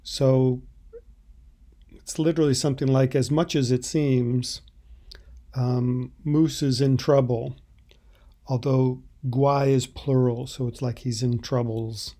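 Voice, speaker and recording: A man teaching Italian, explaining subtitle translations in a halting, thoughtful way. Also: mid-range voice, little pitch movement, mellow.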